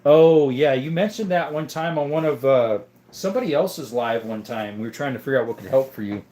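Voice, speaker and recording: A man hosting a casual livestream, chatting in a relaxed, rambling way and answering viewers. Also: mid-range voice, a little fast. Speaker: livestream host.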